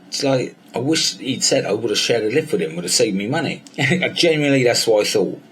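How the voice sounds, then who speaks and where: A man's voice: mid-range voice, brisk, hardly any pauses, a little hiss or hum. A man from Somerset, telling a personal story in a candid, sweary way and acting out both sides of conversations. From Somerset, England. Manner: candid, sweary, acts out dialogue with animated voices. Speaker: weight-loss coach.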